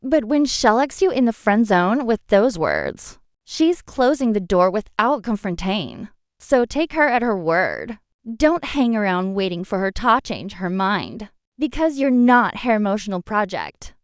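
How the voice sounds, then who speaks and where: A woman's voice: mid-range voice, dry recording, studio quality. A woman giving scripted narration, addressing the listener directly with blunt advice and rhetorical questions. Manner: direct second-person advice.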